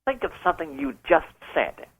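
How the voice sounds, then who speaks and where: A man's voice: on the high side, sing-song, brisk, breathy edge, poor audio. A man playing a pompous caller posing as a rock singer, speaking in a mock-formal, smug, suggestive way on a radio show. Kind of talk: comedic prank call on radio.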